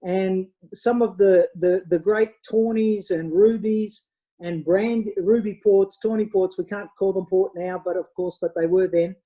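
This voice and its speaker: A woman's voice: medium pitch, fairly even intonation, measured pace, dark tone, lo-fi sound. An Australian woman co-hosting a wine show in casual, rambling chat, often correcting herself. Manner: chatty, rambling, self-correcting.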